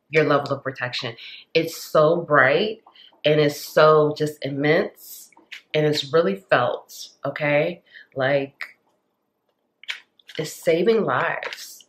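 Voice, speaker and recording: A woman giving a pick-a-card tarot reading, talking in an earnest, rambling, encouraging way with many "like"s. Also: low voice. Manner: earnest, rambling, heavy use of "like"; passionate, encouraging. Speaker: tarot reader.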